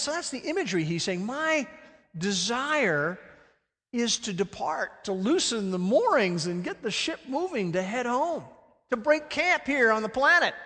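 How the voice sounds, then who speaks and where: A man preaching a sermon with animated delivery, swinging between loud emphatic peaks and hushed, low phrases. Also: big-room sound. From Alabama. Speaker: pastor.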